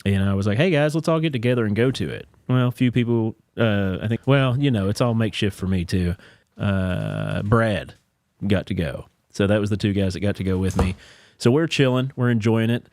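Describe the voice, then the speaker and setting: Low-voiced man telling a story. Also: fairly quick. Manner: animated storyteller, jumps into impressions of others. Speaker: podcast host. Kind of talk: casual chat.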